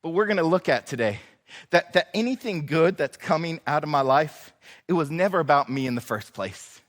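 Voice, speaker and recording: A man's voice: fairly high pitch, expressive, brisk. A man, preaching a sermon as a pastor, telling a story in a casual, joking way with many fillers. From Northwest Arkansas. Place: church sanctuary. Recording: reverberant church hall.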